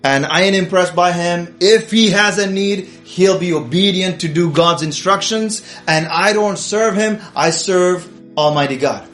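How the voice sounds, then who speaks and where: A man's voice: high voice, unhurried, hardly any pauses, fairly bright tone, soft background music. A man voicing an unbothered male prophet who brushes off a visitor in casual slang. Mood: dismissive.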